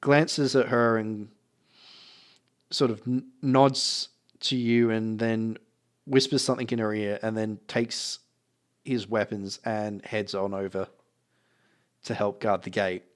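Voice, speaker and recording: A man running a tabletop game as game master, narrating in a relaxed, meandering way. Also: fairly low pitch, slow, long pauses.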